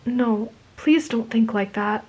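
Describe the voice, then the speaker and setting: A woman's voice: a little high, normal speed, voice pushed up, natural voice. A woman voicing a shy, nervous teenage boy who stammers and apologizes, in a whispered role-play. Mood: flustered.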